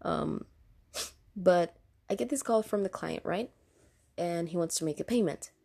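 A woman with a non-US accent recounts stories from her job taking insurance calls in a relaxed vlog. Her voice is gravelly and sits a little low, and she laughs often between restarts and fillers. She talks outdoors. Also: unhurried. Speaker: insurance call agent telling work stories. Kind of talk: casual storytelling vlog.

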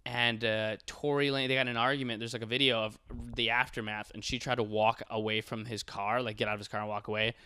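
A man's voice: medium pitch, bright, forceful tone, clean tone. A man delivering a profane, exaggerated, mock-serious comedic rant. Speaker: comedic commentator.

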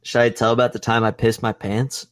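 A man's voice: medium pitch, flat delivery, brisk, dry recording, clean studio sound. A man in his twenties chatting casually on a podcast, rambling and swearing with lots of filler words. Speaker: podcast host.

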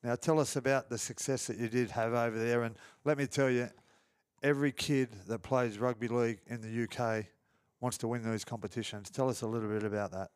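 Smooth-voiced host. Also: male voice, medium pitch, fairly even intonation, brisk, no room sound, studio quality. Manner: friendly, says mate a lot. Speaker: podcast host, former rugby league player. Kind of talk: casual podcast interview.

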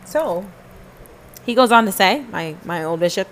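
A woman's voice: medium pitch, lively intonation, normal speed, a bit bright, slight background noise, low-quality recording. A woman hosting a podcast, giving a fervent, emphatic spoken testimony and repeating phrases for stress. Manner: talks to listeners and to God in turn. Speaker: podcast host.

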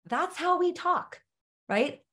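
A woman's voice: very high voice, animated, slow, a bit bright. A middle-aged woman leading a webinar on sales writing, talking in an emphatic, direct and conversational way. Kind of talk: webinar training talk.

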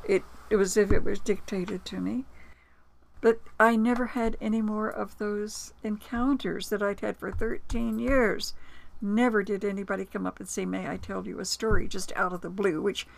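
A woman with a gravelly, creaky edge to her voice speaks as an interview guest. She tells personal stories in a reflective, conversational way, with small hesitations and acted-out quotes. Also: mid-range voice, steady tone, moderate pace. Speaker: author and producer, interview guest. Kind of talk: conversational storytelling.

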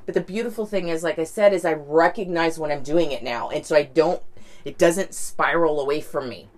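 A woman's voice: low voice, a little fast, a little mellow. A woman talking candidly in a casual reflective monologue, rambling, with lots of "like" and "right?".

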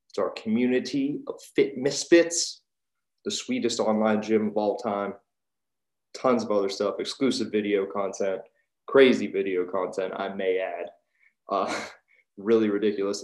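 A man hosts a podcast with an energetic, jokey hype-man delivery. His voice sits a bit low. The sound is roomy and echoey, coming over a video call. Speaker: podcast host. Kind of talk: upbeat podcast intro and promo chat. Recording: roomy echo.

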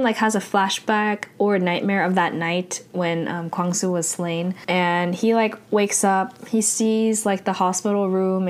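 Woman, casual drama recap, chatty, lots of fillers, medium pitch. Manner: chatty, filler-heavy retelling with quoted dialogue.

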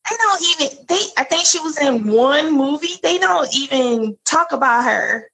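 Woman on a podcast, higher voice that bounces around a lot, quick reactions. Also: expressive, sharp tone, low-quality recording. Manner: reactive, quick questions and comments. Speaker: podcast co-host. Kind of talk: casual chat.

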